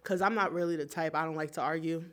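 A woman's voice: low voice, steady tone, fast, a bit bright. A young adult woman speaking frankly and reflectively in a casual group discussion. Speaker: group participant.

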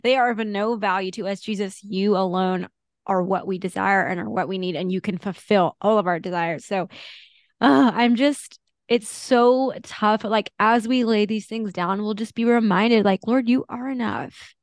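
A woman's voice: mid-range voice, fairly even intonation, normal speed, no room sound, clean studio sound. A woman co-hosting a faith podcast, talking in an earnest, confessional way with fillers and small laughs. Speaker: podcast co-host. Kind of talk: casual faith chat.

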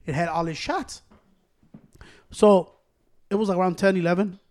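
High-voiced man telling a profane story. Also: unhurried. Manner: profane, animated, acts out quotes. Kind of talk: casual storytelling among friends.

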